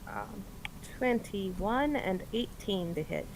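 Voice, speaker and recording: Female player, gravelly voice, playful descriptive narration, faint rumble. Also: animated, slow pace, poor audio. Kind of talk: narrating her character's actions.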